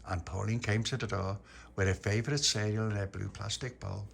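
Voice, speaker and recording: A man telling a homemade bedtime story in a playful way, sometimes slipping into squeaky character voices. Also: fairly even intonation, fairly quick, vocal fry, a little hiss or hum.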